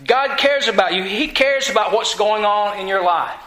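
High, bright-voiced preacher. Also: male voice, normal speed. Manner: folksy, conversational preaching with rhetorical questions. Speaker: pastor. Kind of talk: sermon. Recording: echoey room.

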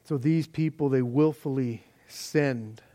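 A man's voice: medium pitch, slow pace, dark tone. A male pastor giving a sermon in a folksy, conversational way, explaining his passage at length. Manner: folksy, conversational, says "man" often; explains word meanings in long lists.

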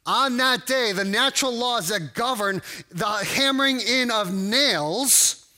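Bright-voiced male pastor preaching. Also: very high-pitched, slow pace. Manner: conversational, many fillers and restarts. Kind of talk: sermon.

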